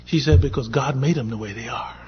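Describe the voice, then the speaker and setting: With a mid-range voice and a fairly quick delivery, a man from Boston tells a panel audience a personal anecdote, performing the dialogue in quotes. The dull, lo-fi conference recording has a little hiss or hum.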